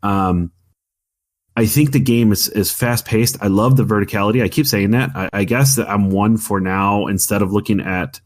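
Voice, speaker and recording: A man's voice: on the low side, normal speed. A man co-hosting a casual gaming podcast, rambling with many restarts and arguing his opinions firmly. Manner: opinionated, argumentative. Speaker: podcast co-host.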